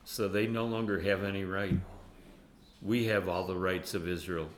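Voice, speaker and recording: A man teaching a conversational sermon who reads scripture aloud and laughs often, animated and self-mocking. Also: sits low, moderate pace. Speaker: Bible teacher.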